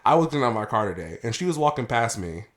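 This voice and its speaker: A man's voice: mid-range voice, rapid-fire. A man hosting a casual podcast, ranting animatedly with plenty of cursing. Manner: heated, profane ranting; animated storytelling. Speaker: podcast host.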